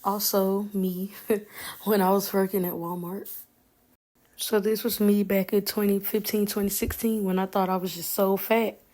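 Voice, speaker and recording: A woman's voice: medium pitch, flat delivery, unhurried, dark tone, no room sound. Candid young woman venting. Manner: candid, rambling, heavy use of "like". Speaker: vlogger. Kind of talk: casual venting monologue.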